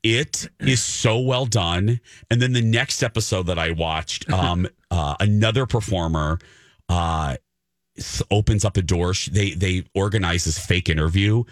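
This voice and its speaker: A man hosting a radio show, telling a story in a casual chat and acting out the quotes in a high voice. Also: a little slow, dry recording, clean studio sound.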